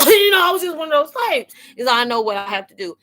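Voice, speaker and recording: A woman hosting a casual live-stream spiritual chat, talking in a slangy, animated way and laughing often. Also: sits high, fast talker. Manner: chatty and animated, laughing and acting out quoted exchanges; slangy, informal phrasing.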